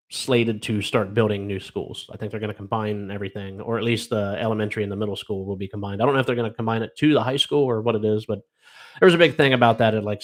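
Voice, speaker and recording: A middle-aged man from Ohio hosting a casual live stream, reading odd news stories aloud and rambling wryly with lots of fillers. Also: fairly low pitch. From Ohio, USA.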